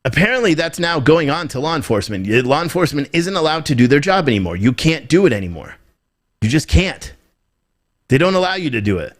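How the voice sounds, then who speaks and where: A man's voice: on the high side, sing-song, fairly quick. Emphatic, rambling American commentator man. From United States. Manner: emphatic and repetitive, hammering points with rhetorical questions; rambling, with frequent restarts. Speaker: political commentator streaming live. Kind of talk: off-the-cuff commentary reacting to viewer chat.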